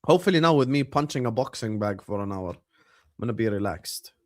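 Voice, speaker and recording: A young man hosting a live football watchalong, chatting casually with his viewers and shouting at big moments of the match. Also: lowish voice, fairly quick. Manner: animated, bursts into loud shouts at match moments, banters with chat. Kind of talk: casual live-stream chat and match commentary.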